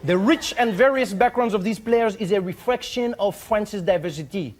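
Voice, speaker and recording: A man's voice: high-pitched, normal speed, voice pushed up, lightly acted. A man voicing a pompous, formal diplomat, reading out a stiff, offended letter.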